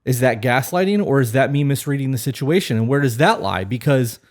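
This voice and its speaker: A man's voice: medium pitch, animated, brisk. A man co-hosting a podcast, talking frankly and questioningly in casual chat, swearing freely. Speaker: podcast co-host.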